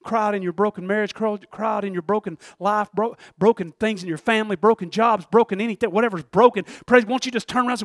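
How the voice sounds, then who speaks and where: A man preaching a sermon in a fervent, folksy way, moving between loud outbursts and hushed asides and chuckling often. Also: sits high, fairly even intonation, quick pace, few pauses, no room sound, clean studio sound.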